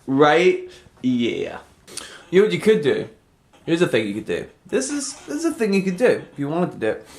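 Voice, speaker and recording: A man rambling through a sarcastic, deadpan comedy monologue, trailing off and mumbling between bursts. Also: fairly high pitch, normal speed. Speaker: comedy vlogger.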